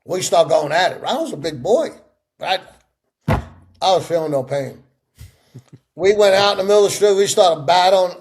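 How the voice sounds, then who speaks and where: A middle-aged man in a sit-down interview, telling stories with lively acted-out voices. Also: sits high, normal speed, long pauses. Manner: animated storyteller acting out quoted voices. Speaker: interview guest.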